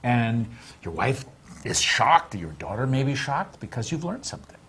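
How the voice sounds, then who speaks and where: A man's voice: mid-range voice, big pitch swings, normal speed, a bit bright, a little hiss or hum. A man speaking as a panel guest, passionate and full of fillers in casual talk.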